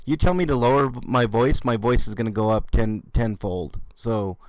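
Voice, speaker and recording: Male host, mocking and profane, dry close sound, mid pitch. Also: moderate pace, darkish tone, no room sound. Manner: sarcastic, mocking, swears freely. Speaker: YouTube channel host reacting to police video. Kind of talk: casual commentary reaction.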